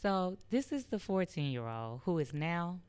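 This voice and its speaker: A woman's voice: lowish voice, big pitch swings, unhurried, darkish tone, clean tone, no echo. A woman telling stories as an interview guest, acting out the voices of the people she quotes. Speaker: public health worker and guest. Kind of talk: storytelling in an interview.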